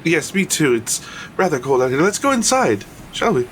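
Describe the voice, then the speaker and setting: A man voicing Charity, a sly tiefling woman, in a deliberately bad put-on accent. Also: on the high side, very animated, fairly bright tone, a little hiss or hum, voice pushed up. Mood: coy.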